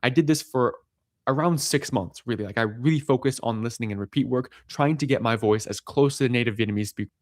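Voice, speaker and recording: A man's voice: mid-range voice, quick pace, no echo. Chatty young man, dry close sound. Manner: chatty, many filler likes and rights. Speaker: language learning podcaster. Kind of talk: casual monologue.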